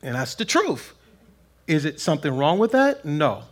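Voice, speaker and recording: Animated preaching man, fairly high voice. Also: normal speed. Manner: animated preaching, acts out quotes in raised voice. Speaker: pastor. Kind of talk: sermon.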